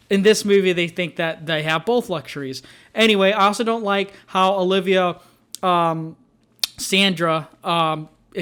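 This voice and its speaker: Young male vlogger reviewing movies, a high voice with a loose, rambling delivery. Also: a bit bright, clear, resonant tone. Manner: rambling, many fillers and restarts. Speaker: film reviewer. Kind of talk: casual movie review vlog.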